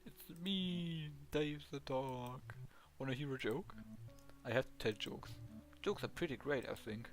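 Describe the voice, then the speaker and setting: A man's voice: mid-range voice, measured pace, soft background music, lightly acted. A man with a German accent reading the lines of a cheerful, eager male ghost dog in a video game. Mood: joking. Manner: earnest, eager, simple phrasing.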